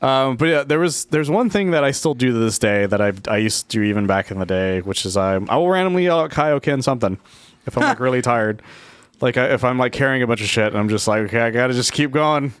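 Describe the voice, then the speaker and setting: A man's voice: medium pitch, animated, fast, smooth, no echo. A man in his thirties co-hosting a casual podcast chat, telling long rambling stories that restart and trail off. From Mexican-American. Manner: rambling, self-interrupting storytelling. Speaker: podcast co-host.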